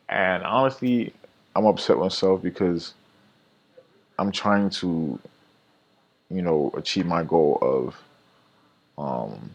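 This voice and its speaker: A deep-voiced man walks through his day trades in a casual, rambling vlog. He second-guesses himself, restarts his sentences and fills the gaps with ums. The audio is dull and lo-fi. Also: a little mellow. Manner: rambling and self-critical, with many fillers and restarts. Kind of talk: casual trading recap vlog.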